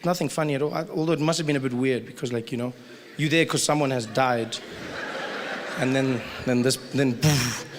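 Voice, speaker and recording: A man doing stand-up comedy in a conversational, animated way. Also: mid-range voice, brisk. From South Africa. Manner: conversational, animated, acts out voices. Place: large live venue with audience. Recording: live hall with crowd noise.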